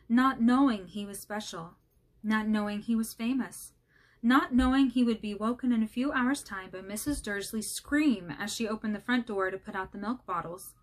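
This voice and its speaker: A woman casually reading a children's novel aloud, friendly and slightly hesitant, apologizing for slips. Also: medium pitch. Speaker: channel host reading aloud.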